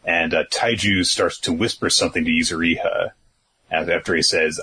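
A man with a very low, husky voice recaps comic chapters for a podcast. He keeps it laid-back and loose, with plenty of filler words and an easy chuckle. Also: steady tone, moderate pace, pushed and bright. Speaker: podcast co-host. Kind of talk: casual manga chapter discussion.

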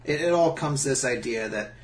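A man in relaxed, joking casual chat, talking through a story with a co-host. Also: medium pitch, brisk.

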